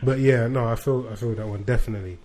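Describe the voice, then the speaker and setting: A young man who works in IT, recalling his childhood with lively laughter in a casual chat. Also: mid-range voice, quick pace, a crowd in the background. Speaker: IT worker.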